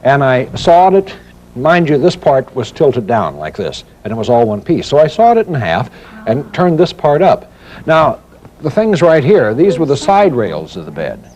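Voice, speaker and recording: This folksy how-to comes from a 1990 VHS recording with a faint hiss: a middle-aged host explains a woodworking project with chatty, teasing, down-home charm. He speaks at a normal speed in a medium, darkish voice with huge pitch swings, and the sound is lo-fi.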